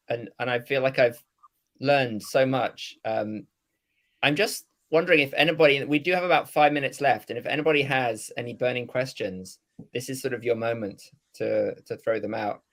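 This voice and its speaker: Host: friendly, slightly awkward man, mid-pitched, video call. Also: moderate pace, fairly bright tone. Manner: friendly, self-deprecating, awkward with silence. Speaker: host, interviewer. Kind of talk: casual interview chat.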